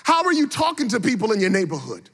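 A middle-aged male preacher with a fairly high, slightly husky voice delivers a sermon. He swings from hushed storytelling to fervent, almost sung exhortation and hammers his key phrases by repeating them. The sound carries a long hall reverb. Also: wildly swooping pitch, fast talker.

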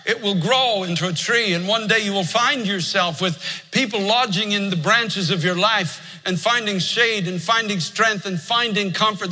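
Older preacher with a sharp, bright voice. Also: male voice, high voice, moderate pace. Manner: earnest, storytelling preacher. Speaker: pastor. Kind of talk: sermon. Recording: long hall reverb.

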